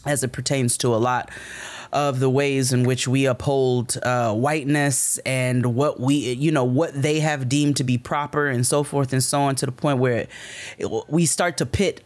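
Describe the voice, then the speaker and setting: A man telling a story in casual chat, animated and emphatic, swearing freely. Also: mid-range voice, normal speed. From United States.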